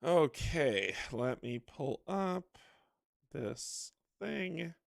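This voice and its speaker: Raspy hoarse guy hosting a game stream, real gravelly, dry sound, chatty. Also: fairly high pitch, very animated, extremely slow, no echo. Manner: chatty, laughs often, talks to his viewers. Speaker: host. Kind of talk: casual livestream chat.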